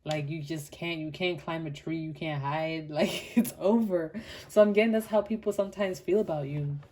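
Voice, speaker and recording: Young woman from Botswana, low mellow tone, animated casual tarot reader. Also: normal speed. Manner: chatty and animated, many "like" fillers, laughs often. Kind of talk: casual pick-a-card tarot reading.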